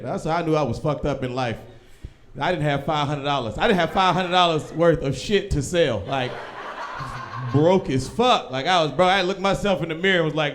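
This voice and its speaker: A young man doing a stand-up comedy set in a small live venue, loud and profane, often shouting as he acts out people in his stories. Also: on the high side, a little fast, slight background noise. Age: young adult. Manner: loud, animated, profane, swings into shouting impressions.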